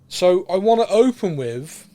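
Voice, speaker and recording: A man's voice: high voice, sing-song, a little slow, mellow. Chatty Bristolian man hosting a podcast. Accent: Bristolian English. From England. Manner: chatty, laughs at his own jokes. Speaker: podcast co-host. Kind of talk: casual chat.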